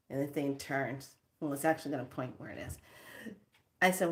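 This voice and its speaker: Brief: spiritual teacher, woman, sassy storyteller with a lower voice. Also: normal speed. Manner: animated, emphatic, sassy.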